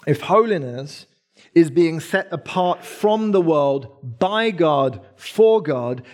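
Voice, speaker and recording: A man's voice: a little high, a little mellow. A man in his thirties preaching a sermon as pastor, earnest and emphatic, repeating key phrases.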